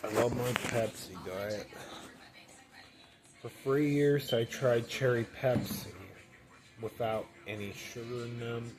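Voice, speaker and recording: A man talking casually and haltingly as he reviews a snack and a drink at home, with sudden loud bursts between mumbled stretches. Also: mid-range voice, fairly even intonation. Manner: rambling, halting, loud bursts while eating. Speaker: food reviewer.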